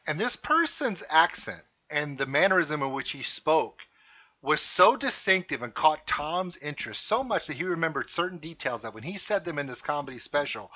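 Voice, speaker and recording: A man from Louisiana talks through a reaction video in casual, emphatic commentary. His voice is sharp and forceful, with lively swings in pitch, and he leans on rhetorical questions.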